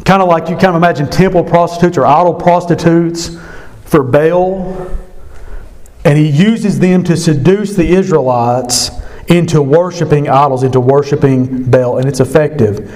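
A man's voice: a little high, normal speed, a little mellow. A man retelling a scripture story to an evening Bible study, conversational and emphatic. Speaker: Bible teacher.

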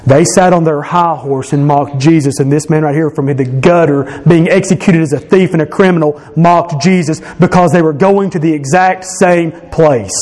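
A man's voice: on the high side, normal speed, few pauses, a little mellow. A pastor, a man, delivers an emphatic sermon in a slightly raised voice. He speaks earnestly and conversationally, with frequent restarts and self-corrections.

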